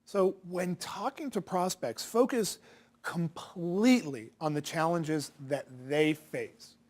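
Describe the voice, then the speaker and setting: A man's voice: fairly high pitch, animated, slow pace, a little mellow. A man teaching as a sales coach, talking straight to viewers in a direct, punchy way and firing off rhetorical questions. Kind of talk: instructional talk to viewers.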